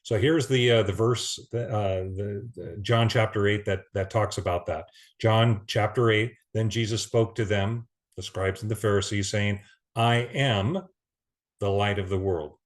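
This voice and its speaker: A man giving an earnest Bible teaching, reading scripture aloud with pauses and restarts. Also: on the low side, steady tone.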